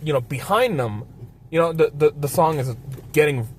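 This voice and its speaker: A man's voice: a little high, expressive, moderate pace, a little hiss or hum. A man hosting a casual film review chat, ranting and swearing a lot. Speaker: host.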